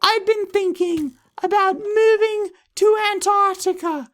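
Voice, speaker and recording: A man doing a shrill, frantic viewer. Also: takes it slowly, fairly bright tone, full character voice. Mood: panicked. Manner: hysterical, rising to a wail. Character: frantic, shrill panicking viewer begging for advice.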